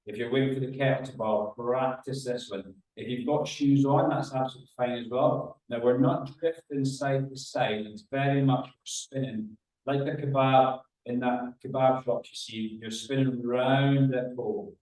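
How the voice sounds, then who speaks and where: A man leading a guided exercise class as a running rehab coach, giving calm cues and counting down reps. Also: medium pitch, normal speed, hardly any pauses. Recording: very echoey room, mic far off.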